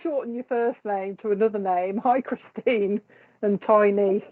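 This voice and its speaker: A woman hosting a live psychic stream, chatting with viewers and laughing easily between remarks. Her voice sits at an ordinary middle pitch for a woman. The sound is thin and tinny, as if heard over a phone line. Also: fairly even intonation, normal speed. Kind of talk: casual live-stream chat greeting viewers.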